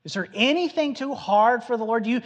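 A man preaching a sermon in an animated storytelling manner, acting out the voices of the people he quotes. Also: extremely high pitch, fairly quick, big-room sound, dull audio. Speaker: pastor.

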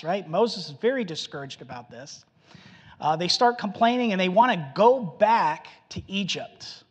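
A man preaching a sermon in an animated storytelling manner, acting out the voices of the people he quotes. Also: high voice, measured pace, husky, in a large hall. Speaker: pastor.

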